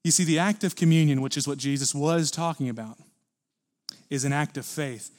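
A man preaching a sermon at a church service, earnest and building to forceful emphasis. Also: a little high, a little fast. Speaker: pastor.

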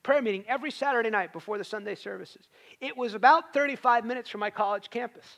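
A man's voice: very high voice, fast talker, vocal fry, a bit bright. A man preaching a sermon in a conversational way, rising to emphatic peaks.

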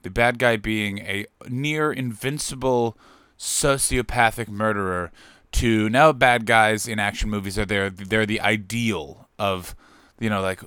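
Brief: male podcast host, rambling comic monologue, smooth voice, close dry mic. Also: fairly low pitch, unhurried, hardly any pauses, no echo. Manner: rambling, jokey, loud bursts of excitement. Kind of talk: solo comedic podcast monologue.

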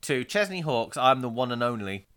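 A man in his thirties chatting casually as a podcast co-host, animated and quick to laugh as he tells stories. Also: mid-range voice, clear, resonant tone. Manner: animated, laughs often, storytelling. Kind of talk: casual chat.

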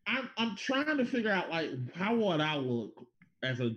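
A man co-hosting a casual podcast chat, animated and swearing, often acting out what people said. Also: high voice, normal speed. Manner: animated, swears, acts out quotes with laughs. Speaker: podcast co-host. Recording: dull lo-fi sound.

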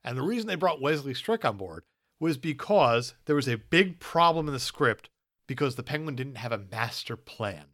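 A man's voice: medium pitch, very animated, moderate pace, fairly bright tone. A man co-hosting a podcast, recapping a movie in casual, jokey chat and arguing points with laughs. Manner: jokey, argumentative, laughs often. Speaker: podcast co-host.

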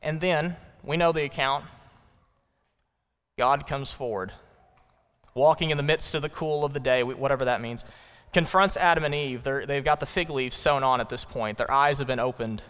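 Male pastor, sermon, conversational and emphatic, rhetorical questions, smooth resonant voice, long church reverb. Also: medium pitch, normal speed, fairly bright tone. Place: church sanctuary.

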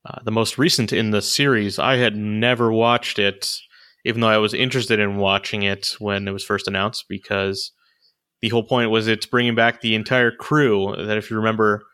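A man casually rambles through movie opinions, his voice sitting a little low yet bright and forceful in tone. He leans on fillers and restarts as he thinks aloud, in easy conversation with a co-host. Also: clear, resonant tone. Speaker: podcast co-host reviewing movies. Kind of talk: casual chat.

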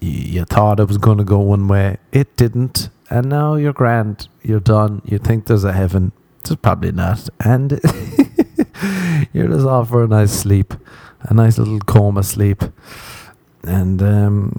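A man's voice: on the low side, big pitch swings, slow, vocal fry, warm tone, no room sound. A young man hosting a podcast, rambling through a crude comic monologue and laughing at his own jokes. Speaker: podcast host.

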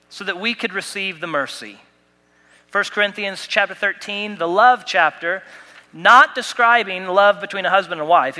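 In a church sanctuary, a male pastor preaches a sermon, hammering points through emphatic repetition and adding light humor. His high voice sounds pushed and bright, and the recording carries a big-room echo.

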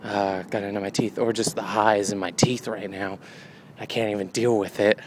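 A male comedian talking in a wry, meandering deadpan right after a run, a little winded, outdoors by a road. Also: on the low side, moderate pace, slight background noise. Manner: wry, meandering, jokey asides. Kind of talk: rambling deadpan monologue.

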